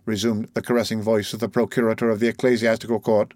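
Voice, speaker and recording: A man narrating a classic novel as an audiobook, in measured, dramatic storytelling. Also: on the low side, flat delivery, darkish tone, dry recording.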